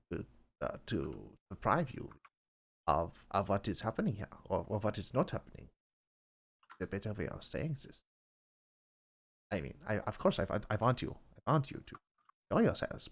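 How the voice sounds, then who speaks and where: Male podcast host, casual, rambling, dry and self-deprecating. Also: on the low side.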